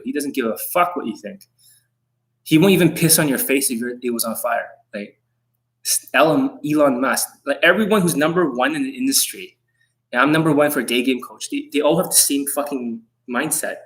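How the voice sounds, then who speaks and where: A man's voice: mid-range voice, brisk, fairly bright tone. A middle-aged man, a dating coach, talking on a live stream in an intense, rambling, profane way that can come across as angry.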